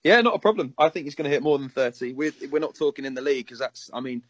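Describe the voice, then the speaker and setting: A man speaks quickly and eagerly on a fan radio show. His voice sounds dry and close, with no room around it. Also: medium pitch, animated, fairly bright tone, no room sound, muffled recording. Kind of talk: casual chat.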